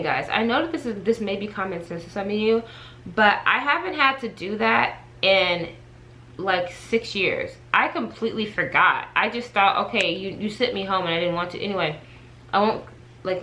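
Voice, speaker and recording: A woman vlogger chatting to her viewers in a casual storytime, animated and talkative as she addresses them directly. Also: mid-range voice, a little hiss or hum, poor audio. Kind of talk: casual storytime chat to camera.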